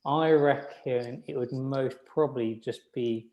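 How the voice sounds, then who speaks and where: A man in his thirties talking as a guest in a casual interview. He is relaxed and self-deprecating, often restarting his sentences as he thinks aloud. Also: medium pitch, slow pace, dull audio. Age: 30s. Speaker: podiatrist guest.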